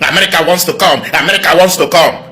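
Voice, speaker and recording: Fiery high-voiced man. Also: quick pace, bright, forceful tone, soft background music. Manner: fiery, rhetorical.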